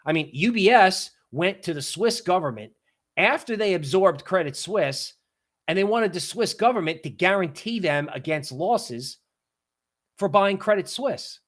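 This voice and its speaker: Sarcastic livestream host guy, kinda high voice, lively mock quotes all over. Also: a little slow. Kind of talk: casual market commentary.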